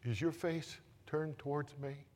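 A preacher voicing a gentle grieving father. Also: a little high, fairly even intonation, measured pace, voice pushed up, lightly acted. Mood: tender. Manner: soft, hushed. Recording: long hall reverb.

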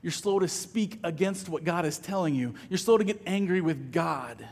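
A man's voice: on the high side, moderate pace, long reverb tail. A man preaching a sermon as pastor, conversational, often repeating words as he starts a phrase.

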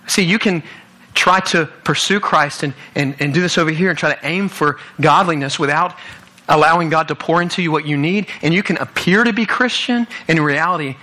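A man's voice: fairly high pitch, fairly quick, bright, forceful tone. A young man giving an earnest sermon at a church youth service, often repeating himself as he restarts. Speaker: guest youth speaker.

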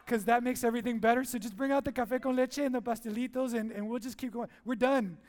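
A man's voice: extremely high pitch, fairly even intonation, fast, darkish tone. A man preaching a sermon as pastor in a church, playful and jokey, asking the crowd questions and answering them.

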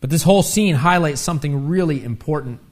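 A man preaching a sermon, animated and conversational, with asides and tag questions, rising loud when he acts out the taunts. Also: on the high side, fairly quick. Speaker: pastor.

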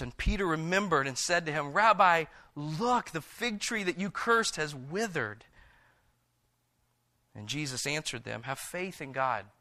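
A man preaching a sermon who reads scripture slowly and hushed, then retells it in lively everyday words. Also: on the high side. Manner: reads scripture in a slow, hushed voice and paraphrases in a lively, animated one.

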